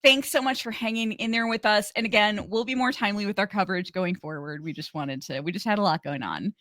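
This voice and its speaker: A woman co-hosting a casual podcast, laughing often and speaking in halting bursts with restarts. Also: medium pitch, fairly bright tone, no echo, studio quality. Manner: giggly, halting, many restarts. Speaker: podcast co-host.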